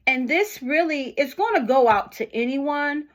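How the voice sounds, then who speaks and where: A woman's voice: high voice, lively intonation. A middle-aged woman talking casually and unhurriedly to her viewers, asking them questions as she encourages them. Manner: unhurried, conversational, asks the listener questions. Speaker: vlogger. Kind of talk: casual motivational talk to camera.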